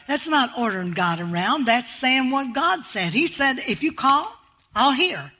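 Older woman preacher, bright forceful voice, fervent and call-and-response in her sermon delivery. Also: high voice, very animated, measured pace. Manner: fervent, exclaims hallelujah often, swings from loud to quiet.

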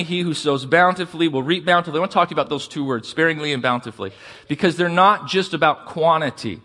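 A man preaching a sermon as pastor, asking the congregation for responses and slowing down to stress key words. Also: a little high, bright, forceful tone.

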